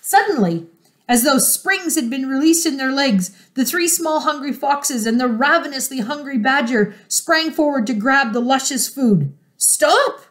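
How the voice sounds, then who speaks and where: A woman reading a children's storybook aloud in an expressive, measured way. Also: high-pitched. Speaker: storybook reader.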